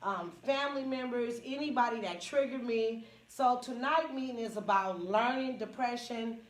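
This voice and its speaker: A Northern California comedian who also speaks at a support group tells a personal story frankly to a small group, in a fairly high voice at normal speed. She laughs often and acts out what people said. The room is echoey and she is far from the mic.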